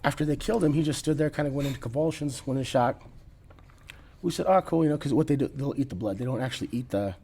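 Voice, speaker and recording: A man's voice: mid-range voice, fast talker, vocal fry, mellow, breathy edge. A middle-aged man telling a long rambling story as a podcast guest, laughing and restarting often. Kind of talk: casual storytelling.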